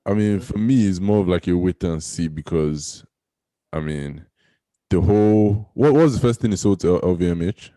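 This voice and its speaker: Deep, dark-voiced man in casual chat. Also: dry recording. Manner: quick, tentative, trips over words.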